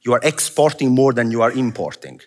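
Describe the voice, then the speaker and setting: A man's voice: mid-range voice, sing-song, brisk. A man with an Italian accent giving a conversational, self-deprecating conference presentation in an event hall. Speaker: macro analyst speaker. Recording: reverberant hall.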